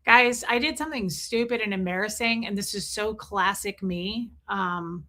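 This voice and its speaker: A woman streamer with a mid-range voice and normal speaking speed tells an animated story in a relaxed way, breaking in to acknowledge her chat viewers.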